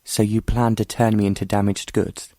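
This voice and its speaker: A man's voice: fairly low pitch, little pitch movement, normal speed, mellow, no room sound, clean studio sound, close to an everyday voice. A man voicing a frightened but defiant young noblewoman, pleading and protesting desperately.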